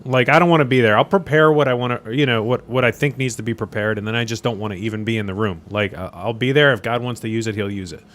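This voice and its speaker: A man's voice: mid-range voice, fast, few pauses. A man hosting a casual podcast, joking around and often restarting his sentences. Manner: lively, joking, stammering restarts. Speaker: podcast host.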